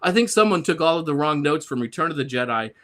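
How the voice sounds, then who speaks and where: A man's voice: fairly high pitch, lively intonation, quick pace, a bit bright. A man on a discussion panel reading his prepared comic review aloud in a sarcastic, grumbling way.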